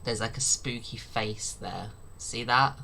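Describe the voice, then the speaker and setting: A woman's voice: very deep voice, measured pace, vocal fry, pushed and bright, slight background noise. A woman streaming her reactions to videos, mocking and sarcastic, swearing and laughing often.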